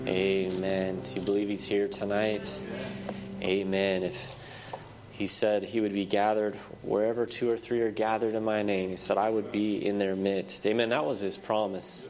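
A man's voice: lowish voice, level tone, over music. A male preacher with a congested, stuffy head, preaching a sermon into a microphone in church, saying amen after nearly every phrase and restarting his sentences. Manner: repeats amen often, halting restarts. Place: church sanctuary.

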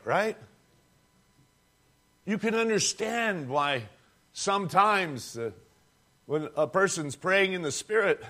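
A man's voice: high voice, fairly bright tone. A man preaching a sermon, telling a story dramatically and calling the congregation friends.

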